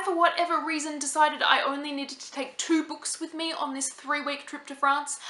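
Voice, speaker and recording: An Australian woman in her thirties, chatting fast and casually to her camera with plenty of "like". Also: fairly high pitch, bright, forceful tone, echoey room. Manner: fast-talking, chatty, lots of "like". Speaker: vlogger.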